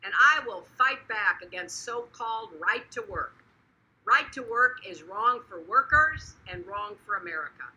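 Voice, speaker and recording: A woman's voice: a little high, animated, normal speed, bright, forceful tone, rough recording. A woman giving a campaign speech in a rallying manner. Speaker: politician.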